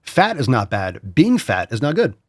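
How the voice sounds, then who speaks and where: A man's voice: mid-range voice, wildly swooping pitch, normal speed, no room sound, clean studio sound. A man hosting a podcast, talking bluntly and profanely in casual chat, mocking others in put-on voices. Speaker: podcast host.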